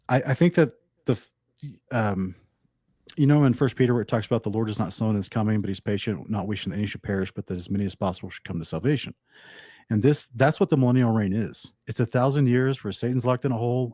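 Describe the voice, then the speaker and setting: A man who is a podcast guest, explaining Bible passages in a measured, teacherly way. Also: mid-range voice, fairly even intonation, dark tone, dry recording, studio quality. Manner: measured, explanatory, quotes verses. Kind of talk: casual chat, explaining scripture.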